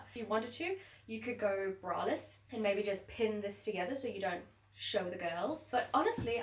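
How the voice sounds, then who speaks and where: A young woman vlogging at home, talking to camera in a chatty, upbeat way. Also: mid-range voice. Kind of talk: casual to-camera chat. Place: at home indoors. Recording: roomy sound from a distance.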